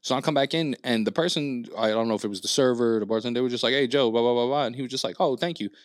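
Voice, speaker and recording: On a podcast, a male co-host races through a long, casual story, swearing and using lots of fillers while voicing the other people involved. His pitch is in the middle range, and the recording is dry and close.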